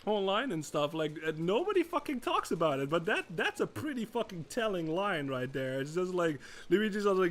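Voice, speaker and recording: A man's voice: sits high, very animated, fairly quick, hardly any pauses. A man streaming a video game, chatting casually as he plays, laughing often and swearing freely. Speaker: gaming streamer. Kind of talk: gameplay commentary.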